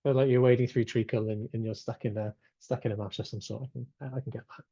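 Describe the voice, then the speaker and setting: A man's voice: mid-range voice, flat delivery, fast, gravelly, mellow, dry recording, highs cut off. A man hosting an online webinar in casual chat, reading out chat replies with plenty of fillers. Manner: chatty, reads out chat replies, many fillers. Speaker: webinar host. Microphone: video call.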